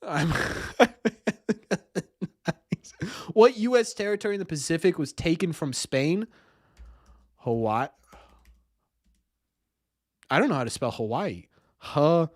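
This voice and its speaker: A young man streaming, talking to his chat while he fumbles through a quiz. His voice sits a bit high and swings widely as he goes from panicking to cheering himself on. Keys clatter faintly behind him. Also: expressive, moderate pace, pauses often, no room sound, clean studio sound. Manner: flustered and self-mocking, thinking aloud.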